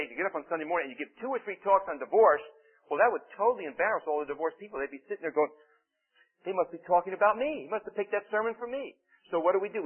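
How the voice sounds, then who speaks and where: A man preaching in a conversational teaching style, stressing key words loudly and dropping into quiet asides. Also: high-pitched, slightly rough. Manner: conversational and emphatic, swinging between loud stresses and quiet asides. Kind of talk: sermon-style teaching talk. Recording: tinny, phone-like narrow sound.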